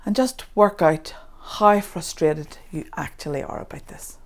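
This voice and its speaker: A woman leading a guided tapping session, speaking slow, repetitive affirmations. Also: low-pitched, creaky.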